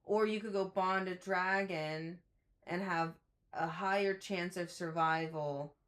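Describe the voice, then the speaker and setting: Woman cohosting a book podcast, low-ish voice, chatty, swears a bit. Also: fairly even intonation, slow, a bit bright. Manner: chatty, swears, acts out characters' lines. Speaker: podcast co-host. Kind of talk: casual book discussion.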